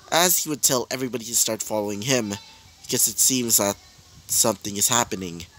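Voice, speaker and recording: A man's voice: medium pitch, a bit bright. A man improvising a fan story as narrator, rambling with fillers and self-corrections.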